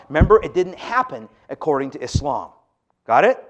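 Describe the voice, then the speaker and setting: High-voiced man preaching with lively emphasis. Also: fairly quick. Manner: animated, swings between loud emphasis and hushed asides; asks the audience rhetorical questions. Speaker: pastor. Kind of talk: lecture to a live audience.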